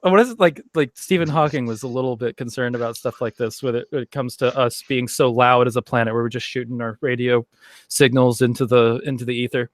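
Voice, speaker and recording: Guest, male, mid pitch, meandering talker who laughs easily, dry call audio. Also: fairly even intonation, brisk, no echo. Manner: rambling, laughs often, many fillers. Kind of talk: casual chat.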